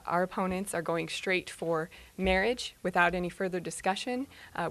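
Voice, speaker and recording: A woman speaking as spokesperson for an advocacy coalition, answering reporters' questions in a brisk way. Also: fairly low pitch, vocal fry. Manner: brisk, with fillers and restarts.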